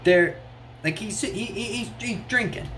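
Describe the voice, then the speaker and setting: An animated young reviewer rattles through a TV episode recap, stumbling over words and restarting sentences as the excitement builds. The voice sits at a middle pitch and swings up sharply when worked up, with a faint hiss of background noise. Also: a little slow. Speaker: show reviewer.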